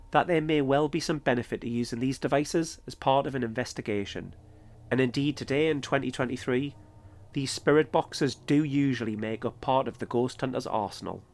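A man telling a first-person ghost-hunting story as podcast host, in a measured, steady delivery. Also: mid-range voice, slight background noise.

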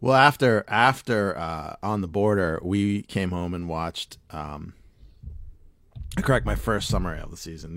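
A man's voice: low-pitched, fairly bright tone, no echo. A man co-hosting a podcast in casual chat, rambling and swearing freely, laughing often. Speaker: podcast co-host.

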